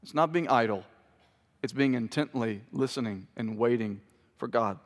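A man's voice: medium pitch, moderate pace. Man preaching, joking and casual. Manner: casual and joking, with playful asides to the congregation. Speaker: pastor. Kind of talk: sermon. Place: church sanctuary. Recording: hall reverb.

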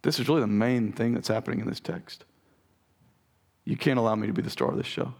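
A man preaching a sermon as pastor, with a raspy voice, earnest and direct with his congregation. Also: on the low side, fast talker, darkish tone. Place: church sanctuary.

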